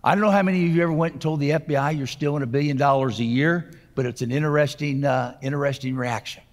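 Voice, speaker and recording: A man's voice: fairly high pitch, steady tone, fast talker. A man in his sixties giving a keynote, telling a personal testimony in an earnest, conversational way. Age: 60s. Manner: earnest, conversational retelling with fillers. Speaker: keynote speaker. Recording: reverberant hall.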